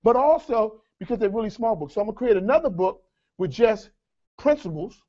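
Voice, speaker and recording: Man, high voice, lively seminar presenter, dull lo-fi room sound. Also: brisk. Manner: energetic, addresses audience as folks, asks rhetorical questions. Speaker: seminar speaker. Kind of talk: live workshop teaching.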